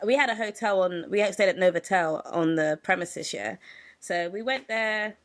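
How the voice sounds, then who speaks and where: A young woman, co-hosting a podcast and telling a story in a casual, animated way, acting out the people in it. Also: mid-range voice, normal speed. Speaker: podcast co-host.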